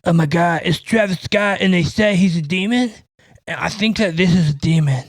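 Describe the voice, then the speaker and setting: A gullible, excitable young conspiracy buff, as a man puts him on, with a slightly higher voice. He keeps pointing things out in a close, dry sound. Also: normal speed, no echo. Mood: alarmed.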